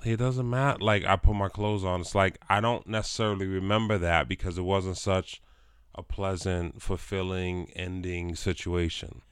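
A man with a very low, smooth, resonant voice rambles through a casual chat, full of fillers. The sound is dry and close, with little room around it. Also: fairly even intonation, normal speed, no echo. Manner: rambling, many "like" and "you know" fillers.

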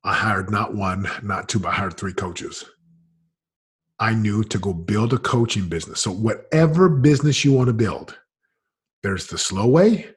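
A man, a business coach, telling his story in a casual, energetic way, full of "man" and "like", swinging between loud excitement and quiet murmurs. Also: fairly low pitch, breathy edge. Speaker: business coach, interview guest.

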